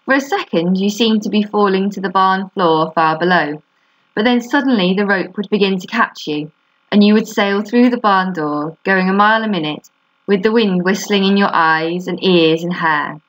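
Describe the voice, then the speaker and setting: A woman teacher reading a children's book aloud to a class, steady and expressive. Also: mid-range voice, moderate pace, low-quality recording.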